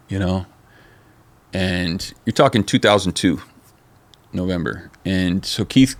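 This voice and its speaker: A middle-aged man with a very deep, gravelly voice tells stories in a casual sit-down interview. He talks in an animated, profane way, peppering everything with "dude" and "man.". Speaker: interview guest, former skateboard company manager.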